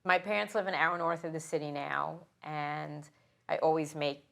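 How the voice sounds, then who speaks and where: Low gravelly woman, firefighter from new york, talks slow and emotional, kinda halting. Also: fairly even intonation, fairly bright tone. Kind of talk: interview, personal recollection.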